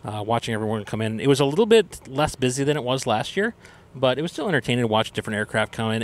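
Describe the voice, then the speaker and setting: A man hosting a podcast, giving a casual, upbeat recap with plenty of ums and uhs. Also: mid-range voice. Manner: chatty, upbeat, explains things with fillers. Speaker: podcast host.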